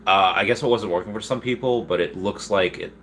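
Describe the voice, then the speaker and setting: Low-voiced, upbeat male livestream host. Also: a little fast, slight background noise. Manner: rambling, excitable, laughs often, frequent restarts. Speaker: livestream host reading viewer chat. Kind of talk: casual livestream chat.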